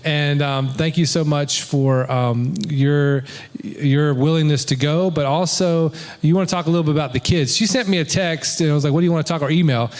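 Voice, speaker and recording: A man leading a church service, talking casually and telling stories with lively quoted bits. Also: a little high, brisk. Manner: chatty, storytelling, animated quotes. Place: church sanctuary. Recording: long hall reverb.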